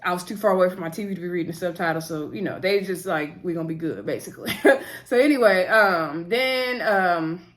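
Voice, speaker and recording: A woman's voice: on the low side, fairly quick. A woman vlogger recapping a TV episode in a casual, rambling way, chatting straight to her viewers with lots of asides. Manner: rambling, talks to viewers directly, frequent "so anywho" asides.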